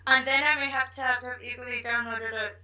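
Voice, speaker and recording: Bright, eager woman from South Africa. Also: a little high, flat delivery, brisk, rough recording. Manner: enthusiastic, gushing about favorite things. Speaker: podcast guest. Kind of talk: casual chat.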